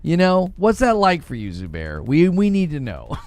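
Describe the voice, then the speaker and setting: A man's voice: fairly high pitch, darkish tone, no echo. A man hosting a casual gaming livestream, joking around, laughing often and answering his chat. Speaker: livestream host.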